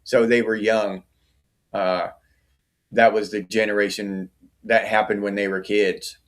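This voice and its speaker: A man's voice: lowish voice, level tone, a little slow. A middle-aged man hosting a casual livestream, chatting and answering viewer comments by name. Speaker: livestream host.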